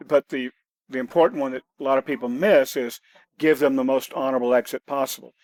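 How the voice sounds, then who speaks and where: Blunt man, mid pitch, dry close mic; plain-spoken podcast guest. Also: steady tone, fast, a little mellow, no room sound. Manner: blunt, matter-of-fact, rule-giving. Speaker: guest, self-defense author. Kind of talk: conversational podcast storytelling.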